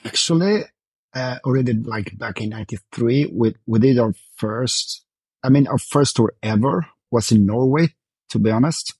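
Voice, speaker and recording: A man from Sweden answers an interviewer's questions, hesitant and searching for his words. His voice is husky and mid-pitched, recorded dry. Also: normal speed, darkish tone, dry recording, low-quality recording. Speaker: interview guest. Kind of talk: casual interview.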